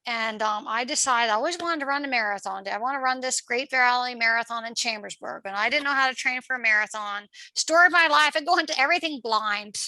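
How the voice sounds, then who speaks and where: A middle-aged woman from Pennsylvania tells her story as a guest in a chatty, lively way, slipping into the voices of people she talked with and laughing often. Her voice sits a little high, bright, with a gravelly fry. The sound is close and dry. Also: fast talker, hardly any pauses, dry recording, poor audio. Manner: chatty, acts out past dialogue, laughs often. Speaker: podcast guest, marathon runner. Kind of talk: personal storytelling.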